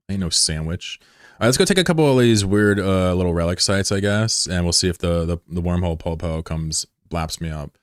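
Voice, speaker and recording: A man's voice: sits low, fairly quick, no room sound, studio quality. A man streaming a game, chatting casually with viewers in a joking, laid-back, profane way.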